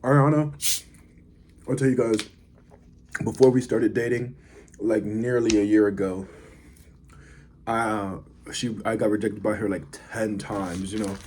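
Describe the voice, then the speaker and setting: A man's voice: fairly low pitch, steady tone, unhurried, pauses often, darkish tone, slight background noise. A man talking casually to camera, rambling with fillers as he reviews food and tells a story. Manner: laid-back, rambling with fillers. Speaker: vlogger.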